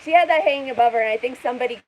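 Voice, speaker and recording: High-voiced skeptical woman rambling. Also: racing, a little mellow, muffled recording. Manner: skeptical, rambling, full of fillers. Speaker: commentator. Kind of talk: casual commentary vlog.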